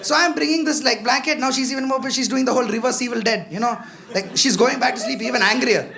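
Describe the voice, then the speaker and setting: A man's voice: very high voice, fast, vocal fry. Male stand-up comic, loose and profane, live club set with a roaring crowd. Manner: loose, profane, chatty, constant "you know" asides to the crowd. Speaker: stand-up comedian. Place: comedy club stage with a live audience. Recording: live club with audience laughter.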